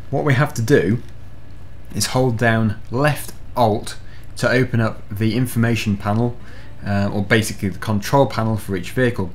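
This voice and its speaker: A man giving casual commentary over gameplay as host, explaining the controls step by step in a chatty way. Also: medium pitch. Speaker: gaming video host.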